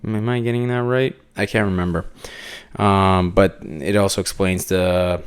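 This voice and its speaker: Deep-voiced guy hosting a comic review podcast, rambly and full of ums. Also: fairly even intonation, measured pace, clear, resonant tone. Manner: rambling, with many fillers and restarts. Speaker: podcast host. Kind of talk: casual comic book review.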